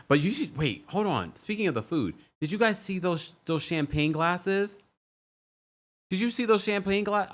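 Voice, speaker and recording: A man's voice: on the high side, fairly bright tone. A man hosting a livestream who chats and gossips about a reality show, reads viewer comments aloud and laughs often. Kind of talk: casual reality TV recap commentary.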